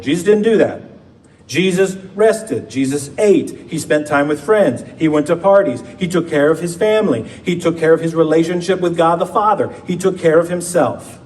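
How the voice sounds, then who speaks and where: A man, a pastor, preaching a conversational sermon with playful asides and slow emphatic pauses in a church. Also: mid-range voice, a little mellow. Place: church sanctuary. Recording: distant mic with faint background noise.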